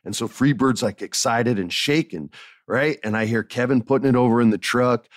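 A man in his forties hosting a podcast, telling stories in a casual, animated way and swearing freely. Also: mid-range voice, normal speed, no room sound, clean studio sound. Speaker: podcast host. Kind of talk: casual interview chat.

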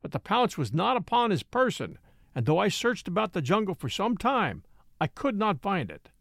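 A man's voice: sits high, very animated, normal speed, creaky, a bit bright, no echo, clean studio sound, heavily acted. A man reading an audiobook, voicing a frightened adult thief who begs desperately for his life. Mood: pleading. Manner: pleading, desperate.

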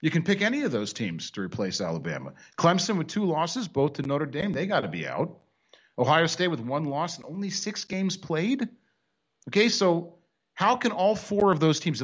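A man's voice: a little high, dull audio. A man hosting a casual sports talk show, wisecracking and rambling with frequent restarts.

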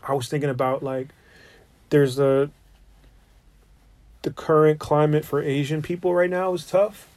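A young man hosting a comedy podcast, with a slightly high voice and loose, joking banter. He swears freely and keeps trailing off and restarting. The sound is dry and close to the mic. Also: little pitch movement, unhurried, a little mellow, no echo.

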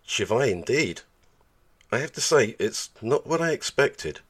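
A man's voice: mid-range voice, sing-song, unhurried, fairly bright tone, slightly rough. A man narrating a documentary in a dry, mocking, scripted way.

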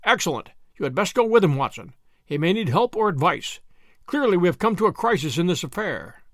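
Male reader doing a stern detective, crisp and decisive, lively pitch, dry close sound. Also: a little fast, dry recording. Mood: commanding.

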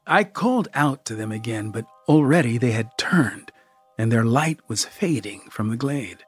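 Male audiobook narrator: breathy, deliberate first-person reading with faint music underneath. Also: mid-range voice, expressive.

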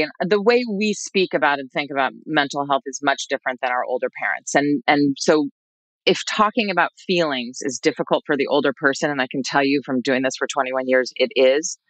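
An expert guest who cares for older adults, answering interview questions in a measured, reassuring way. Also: mid-range voice, fairly bright tone, no room sound, low-quality recording. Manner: measured, reassuring, advice-giving.

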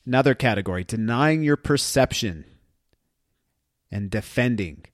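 A middle-aged man talks earnestly in a reflective podcast monologue, reading a list of phrases aloud one after another. His voice sits at an ordinary pitch, and the recording is dry and close with no room sound. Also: normal speed, no echo. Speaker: parenting podcast host.

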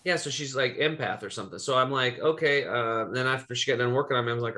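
A man's voice: mid-range voice, quick pace, hardly any pauses, sharp tone. A man from Eastern Oregon hosting a podcast, telling a personal story in loose, rambling casual chat with some swearing. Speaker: podcast host.

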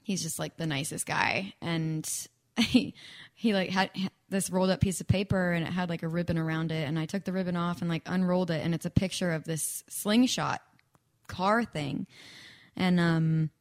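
A woman's voice: fairly low pitch, fairly even intonation, normal speed. A young woman chatting casually as a guest, with lots of fillers and acted-out quotes. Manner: chatty, frequent fillers and laughs, acts out quoted speech. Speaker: guest songwriter. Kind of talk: casual chat.

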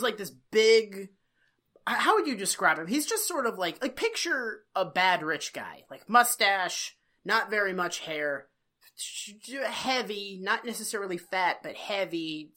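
Female podcast co-host, bright tone, casual and profane recap chat. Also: medium pitch. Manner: profane, joking, animated retelling.

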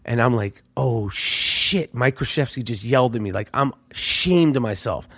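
A middle-aged man hosting a podcast, telling a story in a profane, animated monologue that swings between loud outbursts and hushed asides. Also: mid-range voice, normal speed, husky. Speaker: podcast host.

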